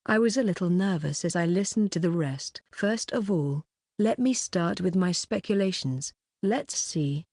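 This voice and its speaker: Woman reading a fantasy novel aloud, lowish warm voice, even pace, no character voices. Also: no room sound, clean studio sound. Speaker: audiobook narrator. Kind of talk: light novel audiobook reading.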